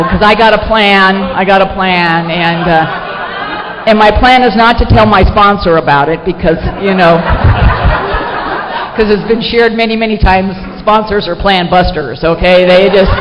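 A middle-aged woman sharing a personal story with an audience at a recovery meeting, in an animated, self-mocking way with lots of fillers. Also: medium pitch, measured pace, crowd noise. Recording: echoey hall, dull lo-fi sound, faint noise.

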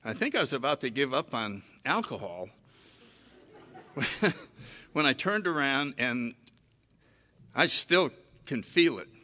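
Older guy, bright forceful voice, telling his drinking story, acts out what he said back then, pokes fun at himself. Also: mid-range voice, slow, pauses often. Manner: animated, self-mocking, acts out his own past lines. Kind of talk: personal storytelling talk.

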